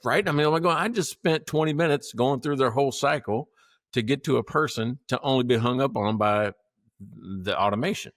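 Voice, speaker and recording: A man co-hosting a podcast, telling a story in a casual, animated way, acting out what people said and laughing often. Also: mid-range voice, normal speed, dry recording, studio quality. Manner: animated, acts out quotes, laughs often, swears. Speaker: podcast co-host.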